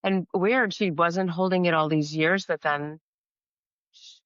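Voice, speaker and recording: A woman hosting a podcast, chatting in a casual, halting way as she responds to her guest. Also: fairly low pitch, fairly even intonation, a bit bright, no room sound, highs cut off. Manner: halting, with fillers and restarts. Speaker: podcast host. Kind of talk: casual interview chat.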